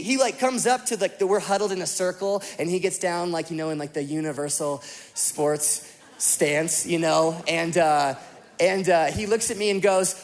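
A young man preaching a sermon, telling a story in a lively way with lots of fillers. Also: high-pitched. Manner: animated storytelling with many fillers. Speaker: pastor.

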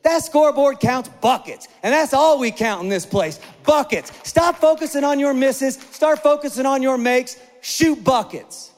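A man's voice: very high voice, sing-song, normal speed, darkish tone, long reverb tail, voice pushed up, heavily acted. A man voicing an emphatic male basketball coach who talks firmly, coaching a player. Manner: firm, coaching.

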